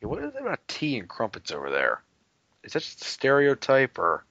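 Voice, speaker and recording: A man's voice: mid-range voice, huge pitch swings, a little fast, a bit bright, no echo. A young American man co-hosting a gaming podcast, joking around, exclaiming and playfully crude. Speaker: podcast co-host. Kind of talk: casual chat. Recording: dull, dry home recording.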